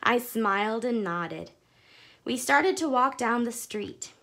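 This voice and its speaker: Woman, children's book read-aloud, slightly high voice, lively pitch, slow unhurried pace, expressive storyteller. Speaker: audiobook reader.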